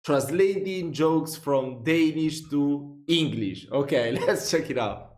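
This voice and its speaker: A man hosting a reaction video, making slow, chatty asides. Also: fairly high pitch, darkish tone, echoey room. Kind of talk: casual reaction commentary.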